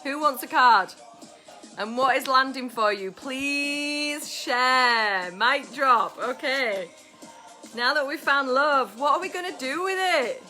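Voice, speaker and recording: A high-pitched, bright woman chats live with her viewers, exuberant and swearing freely. Faint music plays behind her. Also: animated, slow. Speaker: astrologer hosting a live stream. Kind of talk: casual live-stream chat with viewers. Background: music playing.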